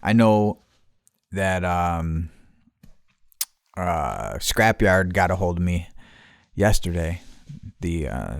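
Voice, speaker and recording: A man's voice: deep voice, no echo, studio quality. A man hosting his podcast outdoors, rambling casually with lots of swearing and losing his train of thought. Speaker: podcast host. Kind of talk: casual solo podcast monologue.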